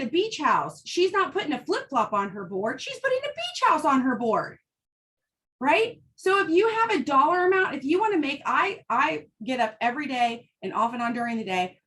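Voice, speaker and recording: A woman's voice: high voice, fairly bright tone. A woman giving a fired-up, blunt motivational talk, often checking in with "right?" as she goes. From United States. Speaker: host.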